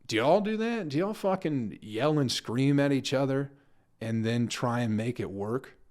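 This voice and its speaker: A young man talks in a loose, rambling podcast monologue, cursing often and cracking himself up. His voice sits in a middle pitch, neither high nor low, and his delivery is offhand and conversational, like a comedian riffing on his week. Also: animated, unhurried, darkish tone. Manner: profane, laughs at his own stories.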